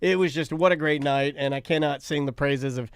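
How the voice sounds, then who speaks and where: A man's voice: a little high, a little fast, clear, resonant tone, no echo, studio quality. A middle-aged man co-hosting a casual livestream podcast, chatty and enthusiastic, laughing often. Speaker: podcast co-host.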